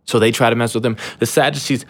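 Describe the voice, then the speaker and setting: A man's voice: medium pitch, fairly even intonation, fast talker, slightly rough. A young man hosting a podcast in casual chat, rambling and slangy with lots of fillers and restarts, irreverent and self-deprecating. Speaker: podcast host.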